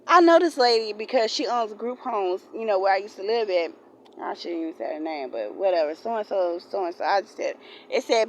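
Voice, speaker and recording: A woman's voice: mid-range voice, lively intonation, normal speed, slight background noise, poor audio. A woman in her forties venting to camera in an unscripted storytime rant, blunt and profane, repeating herself often. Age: 40s. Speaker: vlogger.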